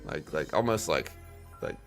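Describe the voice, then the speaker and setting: A man hosts a live trading stream, talking loosely and filling gaps with "like" and "you know." His voice sits very low. Faint music plays behind him. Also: sing-song, unhurried, gravelly. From South Louisiana. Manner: rambling, filler-heavy, calls viewers bro and dude. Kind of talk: casual live-stream chat.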